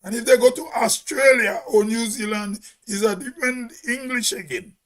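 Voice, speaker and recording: A man with a Grenadian accent giving an emphatic opinion monologue as host, with a big, loud voice and rhetorical questions. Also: very high voice, normal speed.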